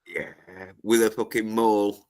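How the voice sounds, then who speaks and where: Halting man who swears constantly. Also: fairly low pitch, fairly even intonation, a little mellow. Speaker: podcast co-host. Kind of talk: casual crude banter.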